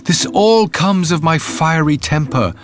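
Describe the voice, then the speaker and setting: A man's voice: on the high side, animated, measured pace, pitched above the performer's own voice. A man playing a hot-tempered innkeeper. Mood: pleading. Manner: loud, flustered, pleading. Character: rich fiery-tempered male innkeeper.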